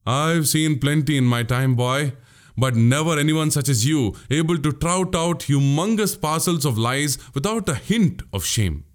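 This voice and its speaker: A man's voice: fairly high pitch, lively intonation, measured pace. A man voicing a crafty older male spy in an audiobook, needling and mocking with pointed questions. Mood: teasing. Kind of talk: audiobook character voice.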